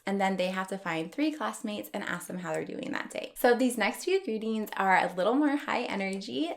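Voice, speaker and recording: A young adult woman, an elementary school teacher, explaining classroom routines step by step in a clear, upbeat instructional tone. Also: medium pitch.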